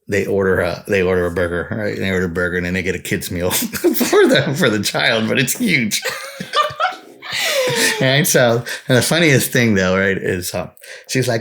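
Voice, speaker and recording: Low-ish voice guy from texas, guest on a podcast, rambly storytelling w lots of "you know" and laughing. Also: lively intonation, moderate pace, fairly bright tone. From Texas, USA. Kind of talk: casual storytelling chat.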